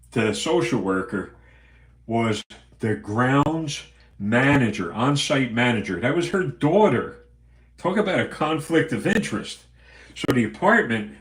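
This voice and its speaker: A man's voice: mid-range voice, roomy sound. A man hosting a livestream, ranting angrily and profanely in a rambling way. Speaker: livestream host.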